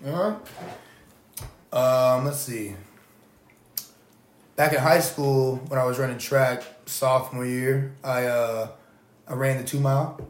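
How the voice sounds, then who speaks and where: A man chatting casually on a podcast, halting and full of ums as he recalls things. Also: mid-range voice, steady tone. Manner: hesitant, halting, lots of ums. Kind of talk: casual chat. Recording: roomy echo.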